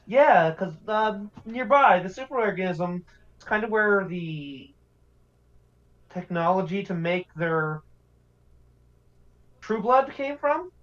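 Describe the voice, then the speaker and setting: A game master speaking haltingly in a casual tabletop session, full of "uh" and "um". The pitch moves a lot, and the sound is dull and lo-fi. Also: expressive. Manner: halting, with many "uh" and "um".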